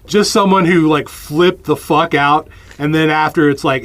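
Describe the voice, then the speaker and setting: A man's voice: fairly high pitch, steady tone, moderate pace, hardly any pauses, fairly bright tone. A man co-hosting a podcast, chatting about a film with wry humor, often laughing and quoting scenes. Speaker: podcast co-host. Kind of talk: casual movie recap chat.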